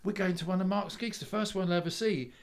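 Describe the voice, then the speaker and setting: A man voicing his proud, excited mother. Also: high-pitched, fast, creaky, voice pushed up.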